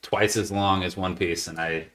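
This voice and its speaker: Man in his thirties, very deep but bright voice, profane rambling podcast host. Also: steady tone, normal speed. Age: 30s. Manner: profane, rambling storyteller who drops his voice low. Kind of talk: casual chat. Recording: small echoey studio.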